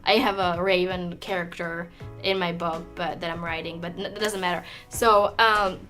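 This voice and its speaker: A woman's voice: lowish voice, steady tone, normal speed, over music. A woman who speaks English as a second language, ranting in a frustrated, swearing way full of fillers and restarts. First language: not English. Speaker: vlogger. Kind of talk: ranting while doing makeup.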